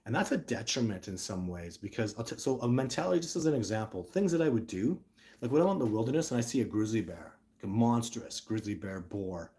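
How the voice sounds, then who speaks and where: A middle-aged man talks to his viewers straight into a phone camera. His voice sits a little low, and he rambles with lots of energy, often cutting himself off and starting again. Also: quick pace. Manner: energetic, rambling, self-interrupting. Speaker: livestream host, Sasquatch researcher. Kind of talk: casual livestream talk to viewers.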